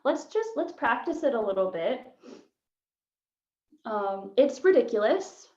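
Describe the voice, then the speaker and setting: A chatty woman with a fairly high voice runs a casual online voice workshop, laughing easily and filling her talk with "like." The sound is roomy and echoey, and the audio is a little dull and lo-fi. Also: very animated, measured pace, darkish tone. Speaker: voice workshop leader.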